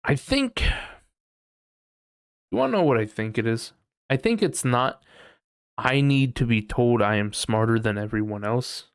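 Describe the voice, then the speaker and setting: A man's voice: mid-range voice, moderate pace, clean tone, no room sound, studio quality. A young man hosting a casual solo podcast, rambling and self-mocking as he talks to his chat, sometimes slipping into goofy mock voices. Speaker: podcast host.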